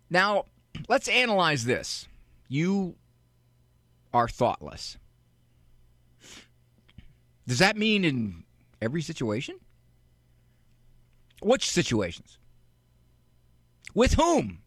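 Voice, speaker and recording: A man hosting a call-in advice radio show, teaching in a deliberate way and firing off rhetorical questions. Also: fairly high pitch, huge pitch swings, a bit bright, dry recording.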